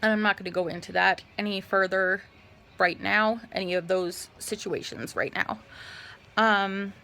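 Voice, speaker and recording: A young woman talks to her vlog audience while lounging in bed, recounting a personal experience. Her voice has a gravelly vocal fry at mid pitch, and she speaks haltingly, pausing often and filling gaps with "um.". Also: steady tone, pushed and bright. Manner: halting, with frequent fillers and pauses. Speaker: vlogger. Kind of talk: casual personal storytelling.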